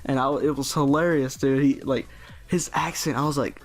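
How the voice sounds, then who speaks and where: A man's voice: medium pitch, fairly even intonation, moderate pace. A teenage boy telling a story casually on his video channel, rambling with lots of restarts and fillers. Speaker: vlogger.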